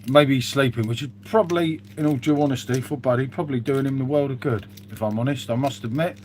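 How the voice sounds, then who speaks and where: A man's voice: medium pitch, fast, darkish tone, slight background noise. A man chatting casually on a live stream, reading out viewer comments with lots of "mate" and "um".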